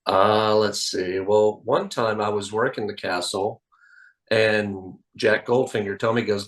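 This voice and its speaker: A man being interviewed as a magician, telling anecdotes in an animated, storytelling way. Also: on the low side, unhurried, rough recording. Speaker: magician guest.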